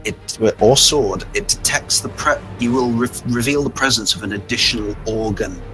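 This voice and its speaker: A man's voice: mid-range voice, a little fast, sharp tone, soft background music, rough recording. A man acting as game master, explaining setting lore at length with fillers and restarts. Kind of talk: narrating a tabletop game.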